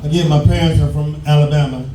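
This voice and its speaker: A man in his fifties from Detroit, performing a loud, profane stand-up routine on a live stage, often shouting. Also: fairly high pitch, fairly even intonation, fast talker, reverberant, recorded from a distance, rough recording. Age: 50s. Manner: loud, profane storytelling, breaks into shouts and laughter. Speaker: stand-up comedian. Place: live show stage with audience.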